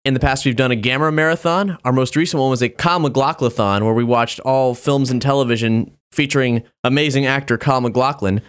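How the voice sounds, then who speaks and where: A man's voice: mid-range voice, fast, few pauses, smooth. A man hosting a podcast, casually and upbeatly reading out supporter news, names and messages. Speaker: podcast host.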